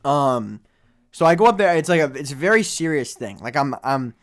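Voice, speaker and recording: A young man cohosting a podcast, telling jokey stories in casual chat that drop to quiet mumbles and swing back up loud. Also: fairly high pitch, moderate pace. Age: young adult. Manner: animated storytelling, jokey, trails into mumbles. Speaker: podcast co-host.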